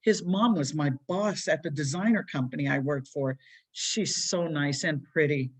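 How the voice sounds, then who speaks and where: Gentle mother, read by a woman, soothing, soft, slightly low. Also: normal speed, husky. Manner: gentle, calm.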